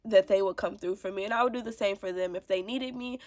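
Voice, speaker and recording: A woman's voice: mid-range voice, fast talker, a little mellow. A woman in her twenties with a congested voice, giving frank, sassy advice in a casual sit-down vlog. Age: 20s. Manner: frank, sassy, talks straight to viewers. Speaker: mom vlogger.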